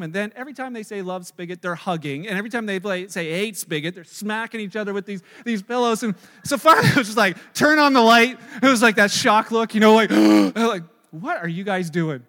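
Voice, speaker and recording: A man in his thirties preaching a sermon, telling a story in a conversational, animated way with fillers and restarts. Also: high voice. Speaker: pastor. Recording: long reverb of a large hall.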